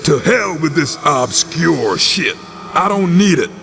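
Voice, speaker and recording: A gruff, weary antihero. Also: male voice, fairly high pitch, sing-song, slow, a bit bright, big-room sound, slight background noise, heavily acted. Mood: defiant. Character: tough weary male hero, gruff antihero. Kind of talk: video game cutscene.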